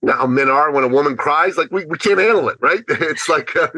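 A man telling a personal story as a guest on an interview podcast, acting out his own thoughts with animated pitch. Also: brisk, dry recording, poor audio. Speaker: podcast guest, business speaker.

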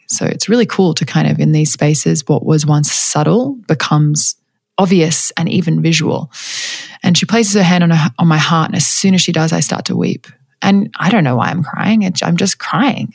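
A woman's voice: low-pitched, vocal fry, a little mellow, no echo, clean studio sound. A woman casually telling a personal story, reflective and candid, with many fillers and restarts and light laughs. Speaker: storyteller sharing a personal spiritual experience.

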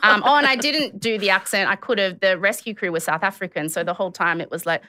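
Woman podcast host, bright clear tone, casual chatty storytelling. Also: mid-range voice, fast talker, dry recording, studio quality. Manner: chatty storyteller, lots of fillers and laughs. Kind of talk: casual chat.

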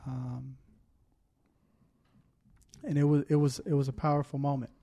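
A man talks through a heartfelt personal testimony, his voice mellow and dark in tone. His pitch stays flat and steady while he pauses with fillers and holds back tears. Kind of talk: casual testimony chat.

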